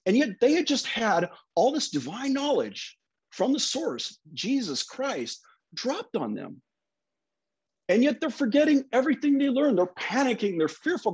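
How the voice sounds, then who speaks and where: A man's voice: extremely high pitch, sing-song, measured pace, darkish tone, breathy edge, lo-fi sound. A middle-aged man, a minister, telling a Bible story in a casual, conversational sermon.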